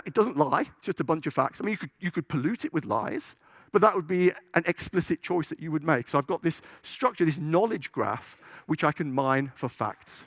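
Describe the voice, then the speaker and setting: A man's voice: fairly high pitch, fairly bright tone, no room sound, studio quality. A man giving a conference talk, chatty and joking, checking in with the audience. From United Kingdom. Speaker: conference speaker. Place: conference hall stage.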